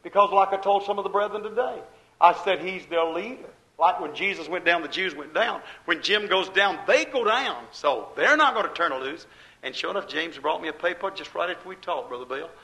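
A male pastor preaching a fiery sermon, swinging from loud declarations to low asides. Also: lively intonation, a little fast, rough recording.

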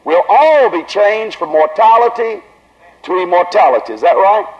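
A man with a Southern accent preaching at a tent revival, drawing his words out slowly and then rising to loud emphasis. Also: sits high, lively intonation. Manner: slow, drawn-out delivery that builds to raised emphasis. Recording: dull lo-fi old recording.

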